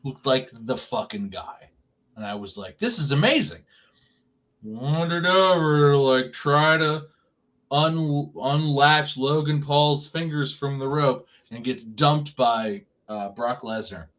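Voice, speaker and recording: A man talks in a loose podcast chat, ranting hard and swearing freely. He pitches up to mock people and then drops back to a grumble. His voice sits at an average pitch for a man. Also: takes it slowly, a bit bright, dull audio. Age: young adult or middle-aged. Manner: profane, ranting, mocks voices. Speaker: podcast co-host. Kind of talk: casual chat. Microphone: remote podcast mic.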